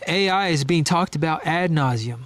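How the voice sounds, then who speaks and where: A man's voice: fairly high pitch, moderate pace, over loud music. A man casually introducing a video, talking straight to viewers.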